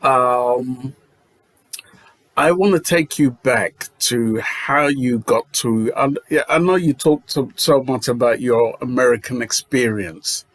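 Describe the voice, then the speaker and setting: A man co-hosting a podcast, asking questions in a relaxed, reflective way. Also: medium pitch, slow, no echo. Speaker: podcast co-host. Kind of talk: casual interview.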